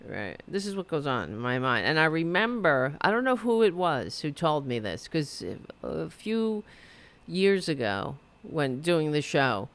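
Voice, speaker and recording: Her voice sits low with big pitch swings and a measured pace. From her apartment, the middle-aged podcast host runs her talk show in a rambling, self-deprecating way, reading the chat out loud.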